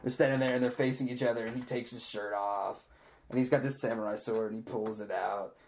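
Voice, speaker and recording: A man's voice: medium pitch, fairly quick. A man co-hosting a casual podcast, eagerly retelling movie scenes with sound effects. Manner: excited, animated retelling of scenes. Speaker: podcast co-host.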